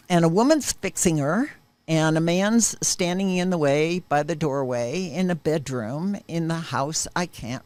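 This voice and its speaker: A woman's voice: fairly low pitch, dry recording. A woman in an interview, earnestly retelling a personal experience with vivid, emphatic moments. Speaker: interviewee sharing a personal testimony. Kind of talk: emotional personal storytelling.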